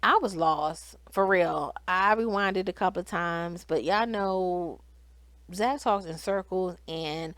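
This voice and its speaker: A woman's voice: lowish voice, slow, no room sound. Chatty woman recapping a reality show. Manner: animated, talks straight to viewers, quotes cast in raised voice.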